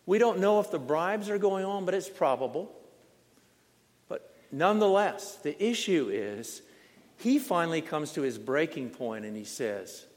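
Slow, dramatic male preacher. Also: a little high, very animated. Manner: slow, dramatic storytelling with repetition. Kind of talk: sermon. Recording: long reverb in a large hall.

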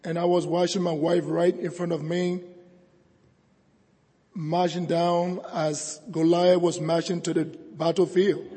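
A hoarse man preaching as a guest pastor, earnest and thankful, building to emphatic peaks. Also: on the high side, flat delivery, unhurried, dark tone. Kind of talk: sermon. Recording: reverberant church hall.

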